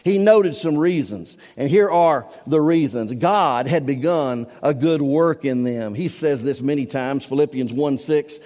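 The pastor's voice sits a little high and sounds warm, moving unhurriedly with few pauses, while the church sanctuary adds a long reverb tail. Preaching to his congregation, he stresses and repeats key words, his volume swelling and dropping.

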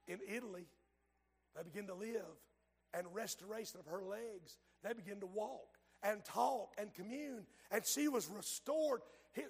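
A man preaching a fervent, dramatic sermon that swings between hushed and shouted lines. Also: high-pitched, slightly rough.

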